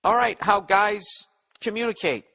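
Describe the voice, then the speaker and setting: Bright-voiced sarcastic man ranting. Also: high-pitched, a little slow, gravelly. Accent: Boston. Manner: profane, sarcastic, rambling. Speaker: podcast host. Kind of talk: casual comedic rant.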